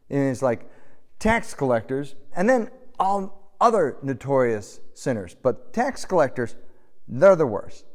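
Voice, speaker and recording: A middle-aged American man preaching a sermon and telling a story, in a conversational style. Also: mid-range voice. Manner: conversational storytelling, animated when shouting. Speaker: pastor. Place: church sanctuary. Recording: long hall reverb.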